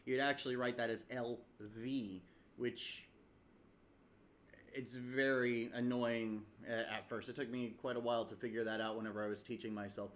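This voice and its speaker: This relaxed vlogger, learning a language on his own, shares his study routine in a casual screen-share tutorial recorded on a webcam setup. His mid-range voice moves at normal speed with a faint hiss or hum, and he rambles slightly, filling gaps with uh and voicing example tones.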